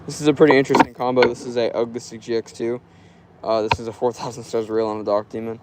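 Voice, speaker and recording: A man's voice: mid-range voice, level tone, quick pace, very noisy. A young man from Florida chatting loosely through a fishing live stream outdoors, filling his talk with "like". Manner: loose and rambling, full of "like". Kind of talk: casual live stream chat. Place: outdoors by a river.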